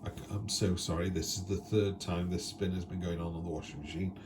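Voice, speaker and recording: A man's voice: deep voice, steady tone, fairly quick, background noise. A man giving a casual weekly tarot reading from home, rambling along in a chatty way and often checking in with tag questions. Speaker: tarot reader.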